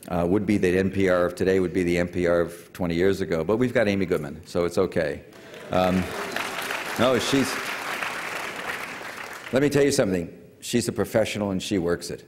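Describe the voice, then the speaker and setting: Older guy with a low voice rambling through a lecture, lots of ums, big echoey hall. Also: normal speed, darkish tone, a faint crowd, slight background noise. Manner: rambling, digressive, many fillers and restarts. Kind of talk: public lecture storytelling. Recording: reverberant hall.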